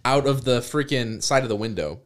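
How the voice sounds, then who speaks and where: A man's voice: medium pitch, expressive, fairly quick. A young man hosting a podcast, telling a road trip story in a casual, laughing way. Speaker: podcast host.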